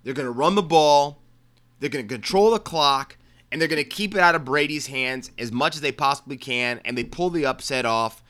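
A man's voice: medium pitch, moderate pace, fairly bright tone. A man from Maryland hosting a sports show, giving casual football picks with joking asides and repeated phrases. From Maryland, USA. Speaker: sports podcast host.

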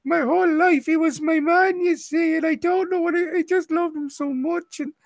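A man voicing a grieving young halfling widow who talks in halting sobs. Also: very high voice, steady tone, gravelly, no echo, clean studio sound, pitched above the performer's own voice. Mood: grief-stricken. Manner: sobbing, halting.

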